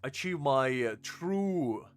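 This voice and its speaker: A man's voice: medium pitch, expressive, slow, smooth, faint music behind. A young man live-streaming a game, chatting casually, laughing often and answering his chat.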